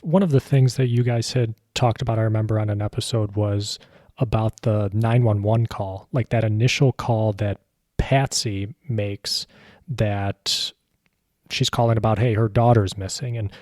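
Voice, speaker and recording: A man with a fairly low voice interviews the hosts in a casual way. He works his way toward his questions in a long, meandering manner. His voice is close and dry on the mic. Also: steady tone, normal speed, a little mellow, no echo.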